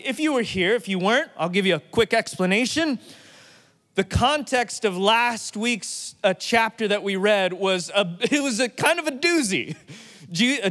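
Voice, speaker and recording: A man's voice: high voice, fairly bright tone, long reverb tail. A man, a pastor, giving a casual, joking sermon that retells scripture in everyday slang.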